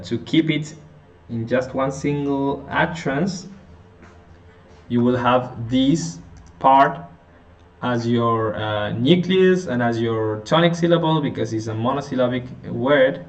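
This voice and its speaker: A man teaching an intonation lesson, working through example sentences slowly, often restarting and correcting himself. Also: mid-range voice. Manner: slow, halting, with frequent restarts and self-corrections. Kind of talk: phonetics lesson explanation.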